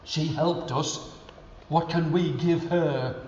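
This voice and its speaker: A man's voice: fairly high pitch, steady tone, slow, a little mellow, distant mic. A man voicing magical golden heads from a well in a told folk tale, in a sing-song chant. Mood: hushed. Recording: echoey hall, faint room noise.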